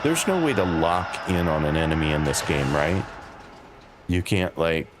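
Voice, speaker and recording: A man's voice: sits low, moderate pace, background noise. A man casually chatting with his viewers while playing a game on a live stream. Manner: relaxed, chatty, talks to chat by name.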